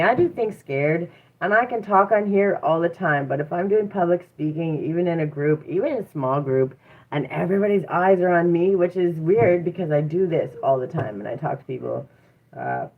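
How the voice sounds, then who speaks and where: A woman hosting a casual motivational talk, encouraging listeners and asking them rhetorical questions. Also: lowish voice. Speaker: host. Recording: tinny phone-like sound.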